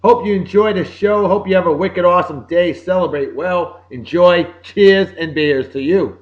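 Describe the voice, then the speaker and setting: A man with a Boston accent hosting a casual show, giving upbeat, jokey birthday shout-outs. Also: high voice, normal speed, highs cut off. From Massachusetts. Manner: upbeat, jokey, sing-song greetings. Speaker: podcast host.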